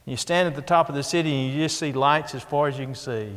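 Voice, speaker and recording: A man's voice: medium pitch, quick pace, a bit bright. A man preaching a sermon in an earnest way, repeating key phrases as he builds emphasis. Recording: long echo of a large hall.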